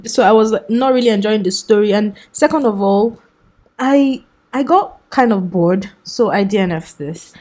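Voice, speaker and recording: A woman's voice: medium pitch, normal speed, a little mellow. A young woman chatting enthusiastically through a casual book review vlog, often laughing.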